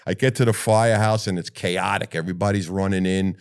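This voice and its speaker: An older man with a New York accent telling a rough, profane story as a retired firefighter in an interview. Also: sits low, fairly quick. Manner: blunt, profane, lively retelling.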